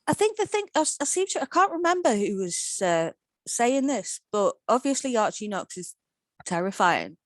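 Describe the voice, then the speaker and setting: A woman's voice: a little high, very animated, normal speed, no room sound. A woman chatting on a casual podcast, giggly and self-deprecating. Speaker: podcast guest.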